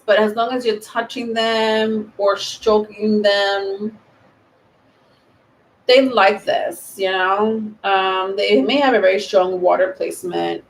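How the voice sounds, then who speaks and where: Tarot-reading woman, echoey room. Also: medium pitch. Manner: rambling, many ums, thinking aloud. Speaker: tarot reader. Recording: roomy echo.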